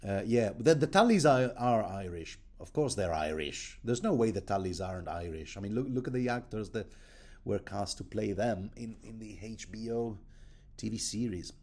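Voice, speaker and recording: A man's voice: on the low side, lively intonation, moderate pace, darkish tone. A man giving a rambling, casual commentary on a book, chatty and digressive and often mocking himself.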